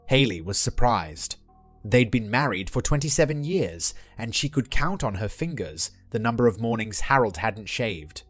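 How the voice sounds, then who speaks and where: Man reading a story evenly, dry close mic, soft music behind. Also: mid-range voice, lively intonation, moderate pace, husky, no echo. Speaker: narrator. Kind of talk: scripted story narration. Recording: dry voice-over with faint music.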